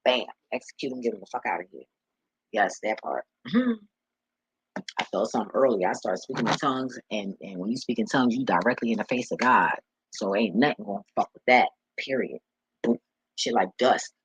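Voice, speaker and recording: A man's voice: on the low side, a little fast, a bit bright, slightly rough, rough recording. A man talking casually in a vlog, rambling and profane as he tells stories and laughs along the way. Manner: loose, profane, laughing storyteller. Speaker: vlogger and delivery driver.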